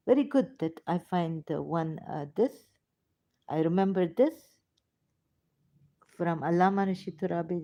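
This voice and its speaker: Lowish woman voice, slow halting solo talk reading verses, sometimes almost whispering. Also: a little mellow. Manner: halting, reads verses slowly aloud, drops to near-whispers.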